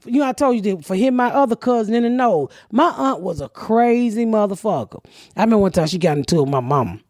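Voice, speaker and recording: A woman in her fifties, a podcast host, telling profane stories with loud laughter. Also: mid-range voice, lively intonation, fast talker, no echo, studio quality. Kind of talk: casual storytelling chat.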